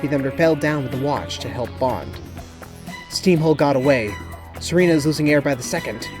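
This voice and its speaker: A man reading a children's spy story aloud in steady, even scripted narration. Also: mid-range voice, a little fast, over music. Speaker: audiobook narrator.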